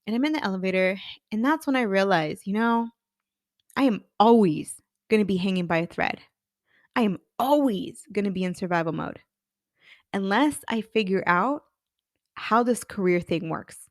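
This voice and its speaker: A woman's voice: mid-range voice, animated, normal speed, no room sound, clean studio sound. A woman in her thirties, a career coach and podcast host, telling her own story candidly and acting out her past thoughts. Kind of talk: personal storytelling.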